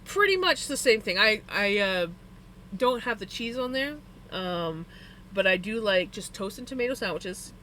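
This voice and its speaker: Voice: mid-range voice, lively intonation, normal speed, pushed and bright, a little hiss or hum. A live streamer chatting casually with viewers, telling rambling personal stories full of "like" fillers and stating preferences emphatically. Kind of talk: casual chat to a live audience.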